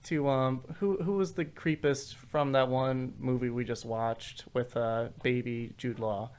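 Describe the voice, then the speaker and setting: A man co-hosting a casual music podcast, speaking softly and hesitantly, often agreeing. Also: medium pitch, steady tone, clean tone. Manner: slow, hesitant, soft-spoken agreement. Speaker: podcast host. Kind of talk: casual music commentary chat.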